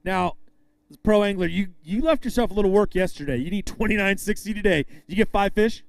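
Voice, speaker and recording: A man emceeing a live fishing tournament weigh-in, upbeat, calling out names and weights with drawn-out emphasis. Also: sits high, vocal fry.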